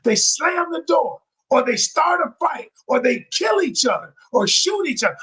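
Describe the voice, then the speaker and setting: A man's voice: very high-pitched, very animated, moderate pace, few pauses, sharp tone. A man coaching viewers on a live stream, talking emphatically and repeating his points like a preacher, addressing the audience as y'all. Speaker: communication coach. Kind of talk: live-stream teaching talk. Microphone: live-stream microphone.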